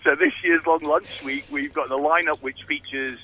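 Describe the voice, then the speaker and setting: Bright-voiced man chatting on the radio. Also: on the high side, steady tone, normal speed, a little hiss or hum, poor audio. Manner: hesitant, many fillers and restarts. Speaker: rugby guest. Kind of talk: casual radio chat.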